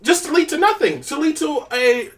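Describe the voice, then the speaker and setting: Blunt, animated woman co-host. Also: sits high, moderate pace, far from the mic. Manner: blunt, profane, opinionated. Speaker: podcast co-host. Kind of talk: casual chat.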